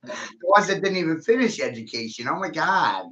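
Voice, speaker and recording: Bright-voiced man ranting, lo-fi. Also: a little high, animated, brisk, slight background noise. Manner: angry, swearing, erratic. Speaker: vlogger. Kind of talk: profane rant to camera.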